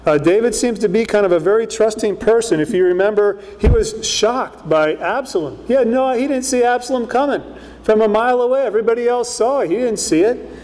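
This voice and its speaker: A man's voice: high voice, fairly quick, darkish tone, a little hiss or hum. A man preaching a conversational sermon as a pastor, often checking in with "right?", in a church hall.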